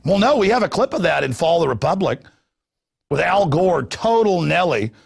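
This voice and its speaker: A male host rants in a heated, sarcastic, rambling way. His voice sits a touch high and has a gravelly fry running through it. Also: big pitch swings, normal speed, slight background noise. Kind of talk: ranting political commentary.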